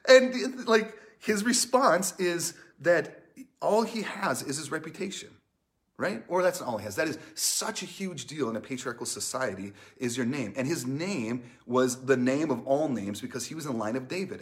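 A man preaching a casual, conversational sermon, reading scripture aloud and playfully acting out the people in the story. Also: mid-range voice. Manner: chatty, many "like" fillers, acts out characters playfully. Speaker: pastor.

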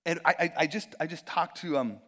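A man's voice: on the high side, fairly quick, a bit bright. A young man preaching a sermon in a casual, conversational way, full of fillers and acted-out quotes. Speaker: pastor.

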